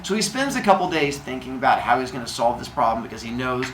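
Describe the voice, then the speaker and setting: A male teacher telling a myth to his class in a playful, animated storytelling manner. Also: mid-range voice, quick pace, slight background noise. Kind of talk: storytelling lesson. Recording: echoey room, distant mic.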